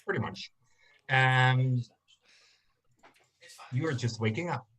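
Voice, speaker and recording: A man narrating a tabletop game as game master, in slow, halting narration with many fillers. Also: mid-range voice, a bit bright.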